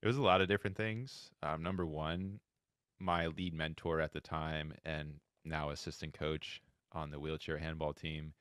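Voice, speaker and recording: Very deep smooth-voiced man. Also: normal speed, no echo, clean studio sound. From Florida, USA. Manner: animated storytelling, acts out quoted dialogue. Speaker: guest, wheelchair handball head coach. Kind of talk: podcast interview storytelling.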